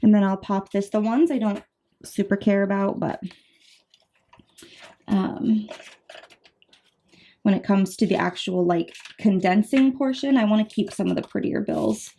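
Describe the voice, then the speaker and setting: A woman in her twenties, a budgeting vlogger, chatting casually and counting bills aloud in quick runs. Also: mid-range voice, warm tone. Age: 20s. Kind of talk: casual chat while counting cash.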